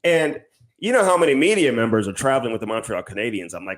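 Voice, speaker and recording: Man, podcast co-host, casual storytelling, rambling, swears a lot, mid-pitched voice. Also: sing-song, quick pace. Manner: rambling and profane, heavy on fillers like "whatever". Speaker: podcast co-host and TV hockey reporter.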